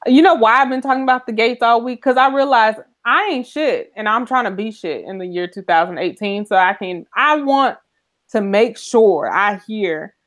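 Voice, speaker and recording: A woman's voice: fairly high pitch, expressive, moderate pace, fairly bright tone. A woman co-hosting a live talk show, joking bluntly and teasing her co-host with mock exasperation. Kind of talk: casual comedic banter.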